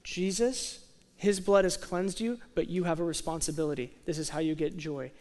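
A young male pastor delivers a sermon in a high, bright-pitched voice. He shifts between soft, slowed emphasis and lively, excited storytelling. The sound carries a long hall reverb, as from a large sanctuary. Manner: animated preaching, swings from quiet asides to excited storytelling.

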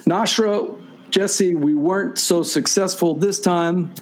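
A man hosting a live-streamed game show over a video call, reading out viewer questions in a brisk, playful way. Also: high-pitched, steady tone. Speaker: show host.

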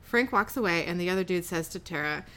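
A woman's voice: lowish voice, expressive, fast, fairly bright tone. A woman co-hosting a podcast, recapping an episode in casual chat and laughing often. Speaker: podcast co-host.

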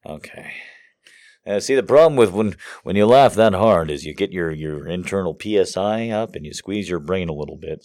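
A man as comedic host, rambling in a deadpan, self-mocking way and reading letters aloud. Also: sits low, moderate pace, no room sound, clean studio sound.

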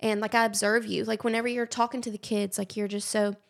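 A young woman hosts a podcast chat, effusive and quick to gush. Her voice has a gravelly fry, and her pitch sits in the middle range. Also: level tone. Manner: warm, effusive, gushing. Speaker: podcast host. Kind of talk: casual conversation.

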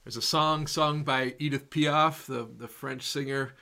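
A man preaching a sermon in a slow, measured, reflective way, letting repeated words fall soft and quiet. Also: medium pitch, steady tone.

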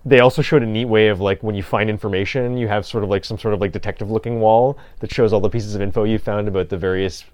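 A young man with a low voice talks through gaming news in a loose, rambling way, full of "like" and restarts. The sound is dry and close, with no room around him. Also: fairly even intonation, fast talker, few pauses, a little mellow, no room sound. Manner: rambling with many fillers and restarts. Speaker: podcast co-host. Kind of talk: casual gaming news chat.

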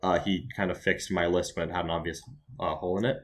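A man in casual chat, calmly explaining game strategy with frequent fillers. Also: low voice, quick pace.

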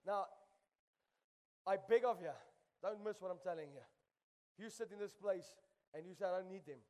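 A man's voice: high-pitched, moderate pace, darkish tone, long reverb tail. A man preaching a sermon in a church, impassioned and repeating phrases for emphasis. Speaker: pastor. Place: church sanctuary.

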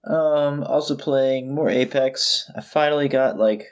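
A man's voice: medium pitch, a little slow. Man, podcast co-host, laid-back, easygoing, casual chat, slightly muffled sound.

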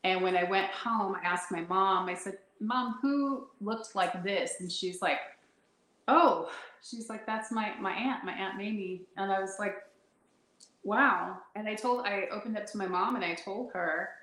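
A woman guest telling personal stories in a conversation, animated and laughing often as she acts out what people said. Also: medium pitch, moderate pace, reverberant, rough recording. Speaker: intuitive guest. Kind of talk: storytelling in a conversation.

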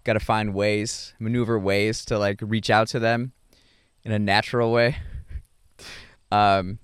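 A young adult man talking casually about his dating life, halting often with fillers and restarts and chuckling between thoughts. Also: lowish voice, level tone, smooth, no room sound, studio quality. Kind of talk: casual rambling monologue.

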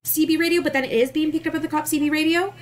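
A woman co-hosting a podcast, chatting casually about a film in a blunt, animated way and swearing freely. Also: high-pitched, racing, slight background noise. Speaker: podcast co-host. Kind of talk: casual movie review chat.

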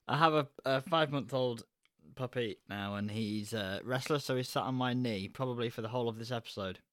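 A man's voice: mid-range voice, normal speed, a bit bright, dry recording, studio quality. A man co-hosting a casual podcast chat, laughing often as he reads facts from his notes. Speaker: podcast co-host.

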